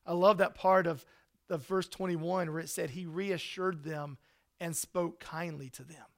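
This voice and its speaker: Preacher guy, gravelly voice, kinda high, earnest, gets loud then goes soft. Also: fairly even intonation, measured pace. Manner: earnest, preacherly, swings from loud emphasis to soft hushed lines. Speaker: pastor. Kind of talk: sermon.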